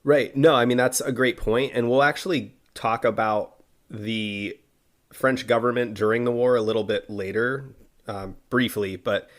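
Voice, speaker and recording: Low-voiced man narrating history casually. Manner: relaxed storytelling with fillers and asides. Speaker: podcast co-host telling the story.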